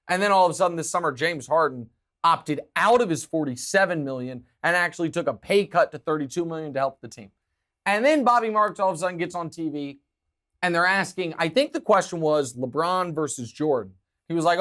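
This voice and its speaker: A man with a slightly raised pitch hosts a sports talk show from a studio. He argues his opinions emphatically and animatedly, moving between punchy assertions and drawn-out, measured points. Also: fairly bright tone.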